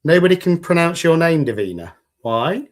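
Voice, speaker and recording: A man's voice: a little high, big pitch swings, moderate pace. A man hosting a resin crafting livestream, chatting casually with viewers in an upbeat, jokey way. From United Kingdom. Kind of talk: casual livestream chat reading viewer comments.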